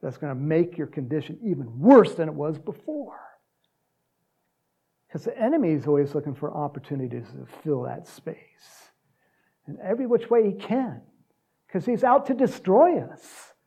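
A man preaching a sermon in a lively, conversational way, acting out voices and laughing along. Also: normal speed, gravelly, husky, lo-fi sound. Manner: animated, acts out quotes with big pitch jumps and laughs. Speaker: pastor.

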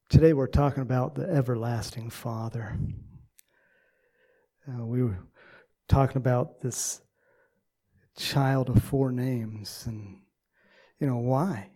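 A male pastor delivering a sermon at a mid-range pitch, with a gravelly, creaky texture. He tells the story in a halting way and stops often to collect his thoughts. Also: steady tone, dark tone. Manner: halting, many uh fillers, storytelling.

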